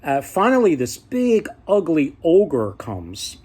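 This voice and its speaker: A man's voice: on the high side, huge pitch swings, takes it slowly, a little mellow, breathy edge. A man casually retelling folk tales, rambling and often restarting his sentences. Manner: rambling, many fillers and restarts. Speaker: storyteller.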